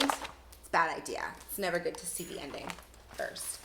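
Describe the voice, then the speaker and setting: A young woman teacher reading a picture book aloud to children, in an animated, playful way. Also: lowish voice, quick pace, creaky, reverberant, noisy background.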